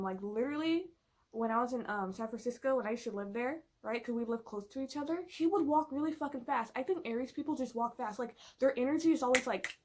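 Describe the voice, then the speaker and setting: A woman's voice: on the high side, brisk, darkish tone. A woman vlogging in casual chat, swearing often and filling her talk with "like", playful and emphatic. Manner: profane, filler-heavy and chatty.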